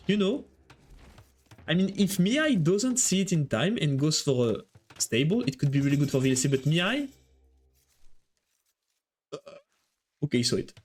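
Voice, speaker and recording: A man with a French accent, French his first language, doing live chatty commentary on a strategy game while answering his viewers. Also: fairly high pitch. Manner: chatty, thinks aloud, quick reactions to the match. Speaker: esports caster and streamer.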